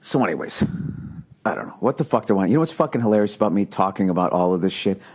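A man's voice: on the low side, lively intonation, very fast, darkish tone, husky. A man from the United States, a comedian and podcast host, ranting through a solo monologue with lots of swearing, sarcasm and restarts. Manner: profane, rambling, exasperated ranting; frequent fillers and restarts, sarcastic.

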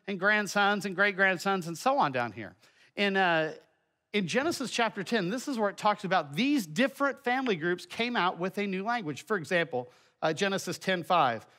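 Here a teacher, a middle-aged man, walks kids through a Bible lesson with slides, and his voice is high-pitched, bright, and pushed. He keeps it homey and conversational, wandering into side remarks and leaning on fillers.

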